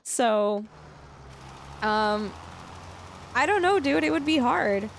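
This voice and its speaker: A woman's voice: on the high side, lively intonation, slow, vocal fry, a little hiss or hum. A woman live-streaming a farming game, casually chatting with viewers in a loose, rambling way full of fillers. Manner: chatty, loose, lots of fillers while answering chat. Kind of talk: casual live-stream chat while gaming.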